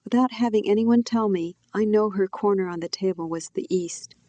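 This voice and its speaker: A woman, the author, reading her own novel aloud in a quiet, reflective first-person telling. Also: mid-range voice, normal speed, dry recording. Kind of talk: audiobook narration.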